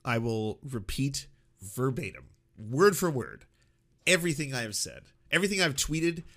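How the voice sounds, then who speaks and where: A man's voice: mid-range voice, sing-song, normal speed, a bit bright. A man reacting to clips in casual commentary, exasperated and incredulous, swearing and laughing in disbelief.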